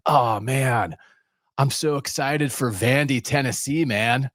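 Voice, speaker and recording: A man's voice: medium pitch, slow, a bit bright, no echo. A man voicing a laid-back California surfer fan who drawls and keeps saying "man", recorded dry and close. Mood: mocking. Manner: drawling, says "man" a lot.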